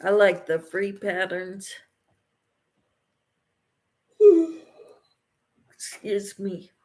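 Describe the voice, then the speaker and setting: Slow, relaxed woman crocheting on a livestream. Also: fairly high pitch. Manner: slow, relaxed, reads viewer comments and answers them. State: getting tired late at night. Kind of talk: casual livestream chat, reading comments aloud.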